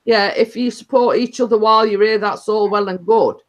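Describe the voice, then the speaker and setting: A woman's voice: mid-range voice, a little fast, highs cut off. A woman hosting a casual live stream, talking in a rambling, chatty way with many fillers and restarts. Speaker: livestream host.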